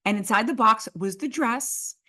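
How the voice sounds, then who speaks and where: A woman's voice: a little high, normal speed, bright, forceful tone. A middle-aged woman from Chicago, telling a story dramatically on a talk show, acting out the voices. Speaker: guest. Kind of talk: animated anecdote telling.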